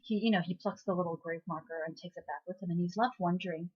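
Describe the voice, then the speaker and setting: A woman's voice: fairly low pitch, steady tone, fast talker, husky, lo-fi sound. Chatty woman recapping a drama. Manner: chatty, laughing, many "um"s and "right?"s. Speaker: recap vlogger. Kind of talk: casual retelling of a drama episode.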